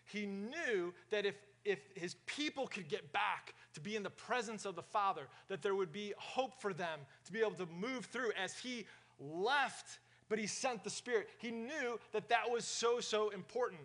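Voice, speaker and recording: High-voiced energetic male pastor. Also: normal speed. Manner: energetic, asks the room questions. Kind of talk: sermon.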